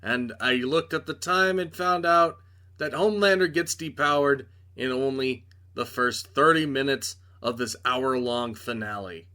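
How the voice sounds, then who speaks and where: A young man gives a casual, sarcastic review recap. His voice is bright and crisp, and his tone is exasperated and dismissive, with frequent shrugs of "whatever.". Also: mid-range voice, a little slow.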